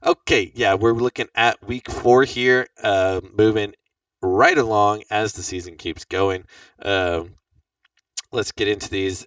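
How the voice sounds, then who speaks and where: A man's voice: on the low side, a bit bright, clean tone, no room sound, distant mic, muffled recording. A young man hosting a podcast, chatting in a loose, rambling way with lots of fillers. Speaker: podcast host. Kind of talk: casual chat about fantasy football.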